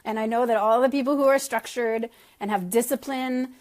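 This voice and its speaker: A woman's voice: a little high, fairly even intonation, moderate pace, a little mellow. A middle-aged woman leading her sales team on a casual call, chatty and self-deprecating, laughing often. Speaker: network marketing team leader.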